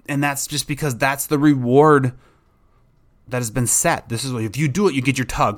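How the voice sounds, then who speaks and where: A young adult man who hosts a podcast and trains dogs, talking casually and rambling a bit, sometimes acting out an excited dog. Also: medium pitch, brisk. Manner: rambling, relaxed, acts out excited dog voices. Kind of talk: casual solo podcast talk.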